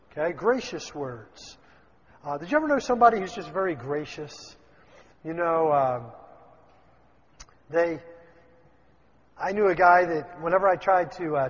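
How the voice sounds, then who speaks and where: A man's voice: on the high side, husky, in a large hall, muffled recording. A man preaching a sermon in a conversational way, acting out quotes and asides.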